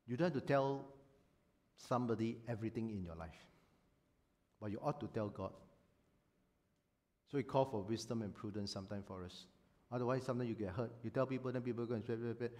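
Man, pastor, sermon, animated, emphatic, mid-pitched voice. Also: brisk, pauses often.

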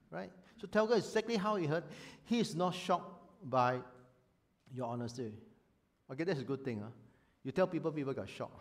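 A man preaching a sermon as a pastor, animated and emphatic, often acting out voices. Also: a little high, fairly quick.

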